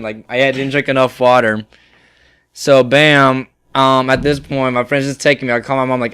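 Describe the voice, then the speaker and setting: A man's voice: medium pitch, steady tone, moderate pace, a bit bright, clear, resonant tone. A young man co-hosting a casual podcast, telling stories in a laid-back, slangy way. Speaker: podcast co-host. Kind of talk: casual storytelling chat.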